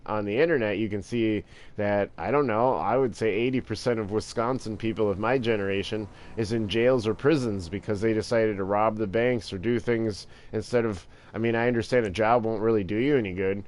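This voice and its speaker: A man's voice: fairly low pitch, a little fast, darkish tone. A man talking in a rambling, crude, profane casual monologue while playing a game. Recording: noisy with vehicle sounds behind.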